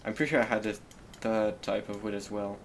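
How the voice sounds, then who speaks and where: A man's voice: on the low side, fairly even intonation, a little fast, a little hiss or hum. A man with a French accent giving gameplay commentary, thinking aloud and murmuring to himself while he decides. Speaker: streamer.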